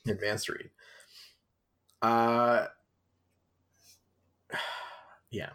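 A man's voice: medium pitch, a little slow. A man co-hosting a podcast, reading a children's book aloud with dry, amused asides and frequent laughter. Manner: wry, amused, laughs often, reads in a flat deadpan. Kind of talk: casual chat with read-aloud passages.

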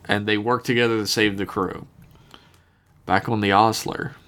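A man's voice: lowish voice, fairly even intonation, moderate pace, a bit bright. A man hosting a podcast, recapping a cartoon episode casually, swearing and acting out quotes. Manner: chatty, acts out quotes, swears. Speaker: podcast host.

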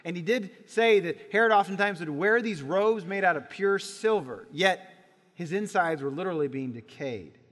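A man delivers a Sunday sermon, his voice high-pitched and bright. He tells the story with animation, slipping into voices for the people in it. The sound carries a long reverb, the way it does in a church sanctuary. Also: animated, moderate pace. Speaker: pastor.

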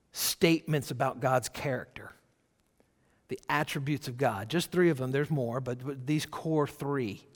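With a long reverb tail trailing his mid-range voice, a pastor preaches animatedly. Scripture quotations rise to a loud, forceful pitch, while in between he slips into conversational asides.

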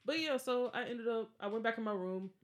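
A woman's voice: on the high side, a little fast. A young woman hosting a podcast, casually telling a ghost story and acting out the other people's lines. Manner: animated, acts out quotes with laughs. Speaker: podcast host.

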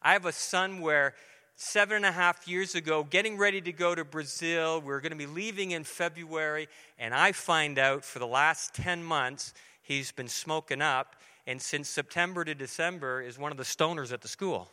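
A middle-aged man preaches in a church sanctuary, speaking earnestly and conversationally to the congregation and acting out bits of dialogue. His voice is a little high, at normal speed, pushed and bright with a clean tone, heard in a long, reverberant hall.

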